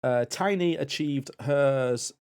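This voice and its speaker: Gravelly-voiced man co-hosting a stream. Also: medium pitch, slow, a little mellow. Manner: chatty, reads out donations. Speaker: stream co-host and assistant. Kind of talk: casual live-stream chat.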